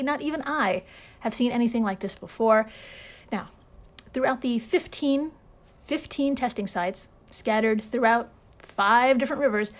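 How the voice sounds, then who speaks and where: Woman, podcast host, slightly high voice, casual, sarcastic, sweary, laughs a lot.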